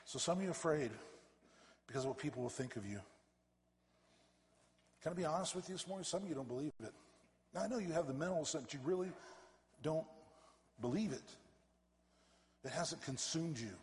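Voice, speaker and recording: A man, a pastor, preaching a fervent sermon that swells to loud emphatic peaks and drops back low. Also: lively intonation, fairly quick, long pauses, a little hiss or hum. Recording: reverberant church hall.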